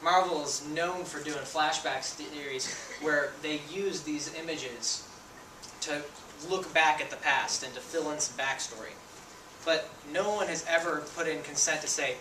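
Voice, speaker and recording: A young man delivers a persuasive speech with a bright, forceful voice that sits a little high for a man. He is recorded from across an echoey room, with a faint hiss underneath. He draws the audience in with questions as he speaks. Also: unhurried, recorded from a distance. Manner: engaging, asks the audience questions. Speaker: student speaker.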